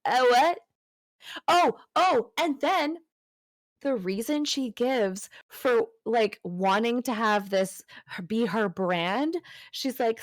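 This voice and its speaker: A woman in casual book club chat who mocks the story as she retells it. She talks slowly, swears freely and acts out the characters' lines in a sarcastic tone. Her voice sounds dry and close to the mic. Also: on the high side, expressive, no room sound, poor audio. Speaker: podcast co-host.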